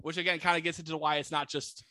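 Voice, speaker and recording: A man's voice: a little high, level tone, fast, sharp tone, no room sound. A man co-hosting a casual podcast, animatedly retelling a movie plot and acting out quoted lines. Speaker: podcast co-host. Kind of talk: casual movie recap chat.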